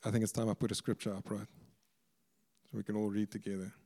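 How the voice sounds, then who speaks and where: A man's voice: fairly low pitch, level tone, quick pace, warm tone, breathy edge. A man preaching a sermon with earnest emphasis, often repeating words as he works through a point. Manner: earnest, stumbles and repeats words when explaining. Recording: reverberant hall.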